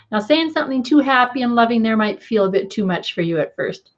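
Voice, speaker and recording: A woman's voice: a little high, lively intonation, a little fast, hardly any pauses, muffled recording. Encouraging woman coaching a tapping session. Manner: gentle, encouraging, repeats "okay". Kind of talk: guided tapping lesson.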